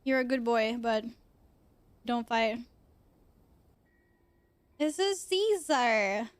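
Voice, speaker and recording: A young woman with a high, bright pitch chats casually on a stream from her computer at home. She swears freely, chats off the cuff and coos at her cats, and her voice sounds close and dry on a desk mic. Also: expressive, extremely slow, clear, resonant tone, no room sound. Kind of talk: casual chat.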